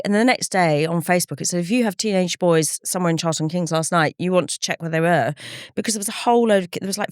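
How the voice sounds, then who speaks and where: A woman's voice: fairly low pitch, clear, resonant tone, no echo, studio quality. A middle-aged woman speaking candidly as a campaigner in an interview, earnest and reflective, often retelling conversations in quoted speech. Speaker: campaigner guest.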